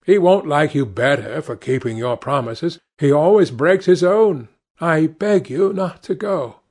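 A man's voice: fairly high pitch, lively intonation, a little slow, a little mellow, pitched above the performer's own voice. A man voicing an anxious, earnest painter who pleads sorrowfully. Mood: pleading.

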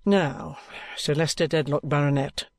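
Male reader as a calm, patronising detective: deliberate and firm, fairly high voice, dry recording. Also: vocal fry, no echo. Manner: cool, deliberate and coaxing.

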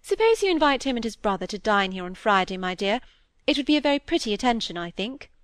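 A woman's voice: a little high, big pitch swings, fast talker, dry recording. A woman voicing a fussy, genteel middle-aged stepmother with an affected, reproachful manner, in an audiobook reading.

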